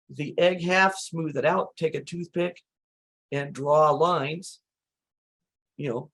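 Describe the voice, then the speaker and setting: A slightly hoarse woman host, walking through recipes in relaxed, chatty talk full of fillers. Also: fairly low pitch. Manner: relaxed, chatty, many "you know" fillers. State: slightly hoarse, losing her voice. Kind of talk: casual cooking chat.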